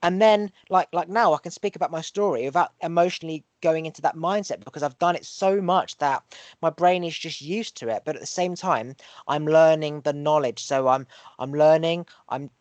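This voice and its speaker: Male podcast host, earnest and preachy, higher-pitched voice, dry close sound. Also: moderate pace, dry recording. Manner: earnest, preachy, repeats phrases in rhythm; swears for emphasis. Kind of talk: casual podcast chat.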